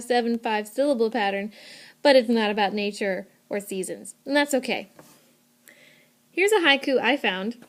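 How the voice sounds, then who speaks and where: A young woman in a recorded lesson, explaining clearly and brightly to students and stressing key points by repeating them. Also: fairly high pitch. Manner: clear, upbeat teacherly explaining with emphatic repetition. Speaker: teacher. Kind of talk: recorded lesson narration over slides. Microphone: tablet microphone.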